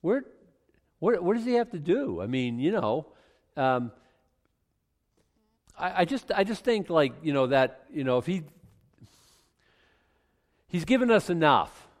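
A man's voice: a little high, very animated, unhurried, pauses often. A man giving informal verse-by-verse Bible teaching in a conversational way, often restarting and adding asides. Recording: long hall reverb.

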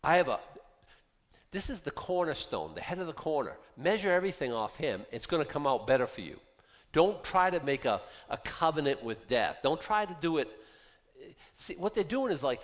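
A man in his fifties preaching a sermon in a conversational, animated way and putting questions to his listeners. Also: fairly high pitch, moderate pace. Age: 50s. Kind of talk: sermon, Bible teaching. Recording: long hall reverb.

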